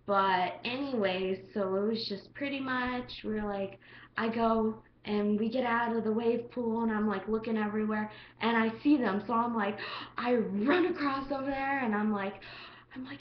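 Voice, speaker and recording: A woman's voice: a little slow, echoey room, dull audio, a little hiss or hum. Chatty teenage girl telling a story. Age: teens. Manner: chatty, lots of "like", acts out quotes with big pitch jumps. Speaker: vlogger. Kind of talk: casual storytelling vlog.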